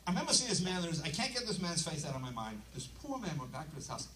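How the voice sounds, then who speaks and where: A man doing a live stand-up routine with an animated, punchy delivery and sudden shouts, recorded from a distance in an echoey live venue with a loud crowd. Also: a little high, racing. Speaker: stand-up comedian.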